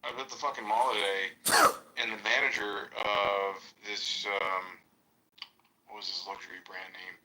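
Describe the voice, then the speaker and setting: This American podcast co-host speaks a little slowly, with bright, forceful delivery and little pitch movement, captured on a rough recording. His casual storytelling is profane and full of fillers, and he leaps upward in pitch whenever he mimics someone.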